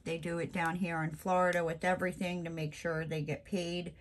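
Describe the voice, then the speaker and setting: A woman with a fairly low, fairly flat voice talks quickly while chatting casually in a crafting vlog. She's venting, exasperated and emphatic, and packs her speech with fillers like "you know" and "like."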